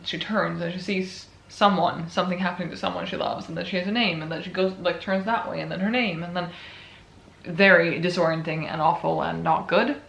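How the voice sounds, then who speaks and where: Young woman, casual vlogger, rambling and wry, low-ish gravelly voice. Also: fairly bright tone, reverberant. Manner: rambling, self-amused, chatty. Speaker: writing vlogger. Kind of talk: casual chat.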